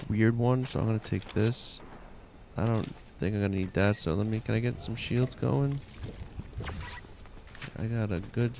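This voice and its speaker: Long Island man, gravelly, noisy game audio behind; laid-back streamer muttering through a match. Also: on the low side. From Long Island, New York. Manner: relaxed, mumbling half to himself while looting. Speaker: gaming streamer. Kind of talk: casual gameplay commentary.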